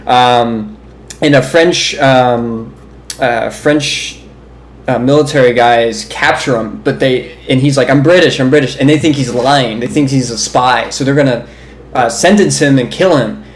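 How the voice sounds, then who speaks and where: A young man co-hosts a casual podcast chat, telling long stories in a rambling, amused way and laughing as he talks. His voice sits at an ordinary middle pitch. The sound carries a roomy echo with a faint hiss underneath. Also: a little slow. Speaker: podcast co-host.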